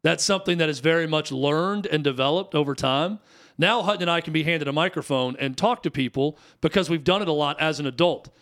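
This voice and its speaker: A man in his thirties co-hosting a talk radio show. His voice sits a little on the high side, and he tells stories in a loose, chatty way with plenty of restarts and fillers. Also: a little fast, fairly bright tone. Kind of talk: casual sports radio chat.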